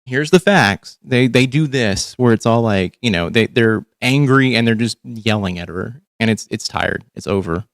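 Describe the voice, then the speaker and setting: A man's voice: mid-range voice, normal speed, hardly any pauses, no echo, clean studio sound. A man hosting a casual reaction livestream, talking bluntly and profanely with lots of restarts. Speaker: livestream host.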